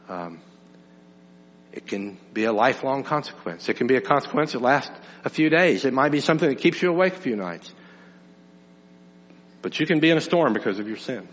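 Man, pastor, sermon, lively pitch swings, loud emphasis and quiet asides, long hall reverb, dull recording. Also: normal speed, long pauses, slight background noise. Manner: animated preaching, swings between loud emphasis and soft low asides.

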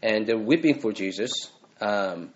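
A man's voice: on the low side, animated, measured pace, highs cut off, slight background noise. Earnest male pastor preaching in conversational style. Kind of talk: sermon.

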